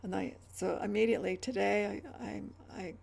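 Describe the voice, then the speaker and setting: A woman's voice: medium pitch, fairly even intonation, brisk, gravelly, darkish tone, breathy edge. A middle-aged woman vlogging in a rambling, chatty way, with stammered restarts and trailing asides. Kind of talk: rambling casual chat.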